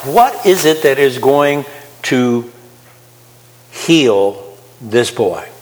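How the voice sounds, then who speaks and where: A man's voice: medium pitch, drawn-out words, in a large hall, low-quality recording. A man preaching a sermon, asking his listeners questions as he explains a Bible passage. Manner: animated, asks the audience questions.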